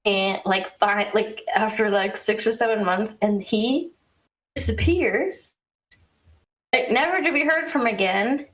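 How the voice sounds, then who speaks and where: A woman co-hosting a podcast, telling a story in a casual, animated way with quick asides and exasperated laughs. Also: medium pitch, low-quality recording. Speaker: podcast co-host.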